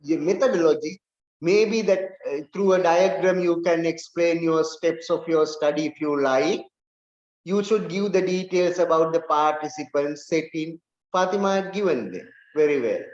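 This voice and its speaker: A man's voice: a little high, normal speed, darkish tone. A man lecturing a class, emphatic and repeating his key points for stress. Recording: echoey room, dull lo-fi sound.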